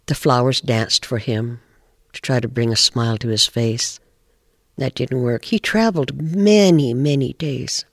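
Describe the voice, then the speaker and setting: A man from the Pacific Northwest telling a traditional animal folk tale in a measured, animated way. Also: mid-range voice, dry recording, clean studio sound. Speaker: storyteller. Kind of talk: oral folk storytelling.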